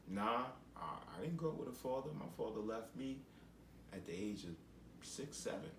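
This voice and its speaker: A man's voice: fairly low pitch, sing-song, moderate pace, reverberant, a little hiss or hum. A man giving a rambling, preachy commentary monologue while sitting in a chair at home. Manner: rambling and preachy, with repeated phrases. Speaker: vlogger.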